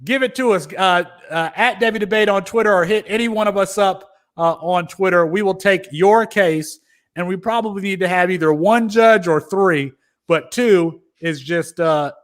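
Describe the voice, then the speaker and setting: A man's voice: high voice, fairly bright tone. A man hosting a casual podcast chat with loose, joking banter. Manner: mock-formal courtroom argument, then loose banter. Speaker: podcast host.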